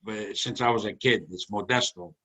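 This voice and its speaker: A man's voice: fairly low pitch, normal speed, crowd noise. Matter-of-fact man hosting a chat. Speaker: host. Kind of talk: casual chat.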